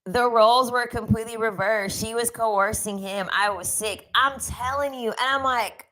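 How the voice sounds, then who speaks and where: A woman's voice: a little high, steady tone, normal speed, fairly bright tone, rough recording. A woman giving a casual commentary rant, sassy and emphatic, often repeating her lines for effect. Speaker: commentary vlogger.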